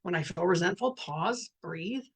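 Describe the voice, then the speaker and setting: A woman's voice: lowish voice, animated, unhurried, husky. Middle-aged woman facilitator, earnest and blunt, spiritual talk delivery. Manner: candid, earnest, swears, reads out participants' messages. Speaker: workshop facilitator.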